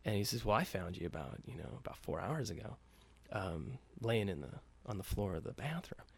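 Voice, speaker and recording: A man's voice: lowish voice, very animated, a little fast, gravelly, breathy edge. A man telling a story casually, with loose profane talk and many fillers, acting out the quoted lines lightly.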